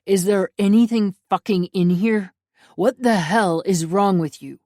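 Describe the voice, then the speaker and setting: Brief: a woman doing a stern, brooding crime boss, low and growling, dry close read. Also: fairly even intonation, a little slow, vocal fry, a little mellow, no room sound. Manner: growling, demanding. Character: dangerous brooding mafia man, commanding.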